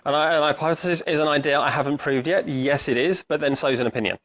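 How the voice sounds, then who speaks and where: A middle-aged man giving a conversational talk to a live audience, quizzing them and tagging "right?" onto his points, his voice going hoarse. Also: fairly high pitch, quick pace, a bit bright. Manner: conversational, asks the audience questions, says "right?" often. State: hoarse, clearing his throat. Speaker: agile coach giving a talk. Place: meeting room with an audience.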